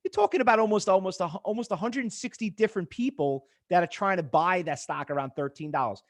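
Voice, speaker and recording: This high-voiced middle-aged man talks quickly as he runs a live trading lesson with a chart on screen. His style is animated storytelling, complete with acted-out quoted exchanges.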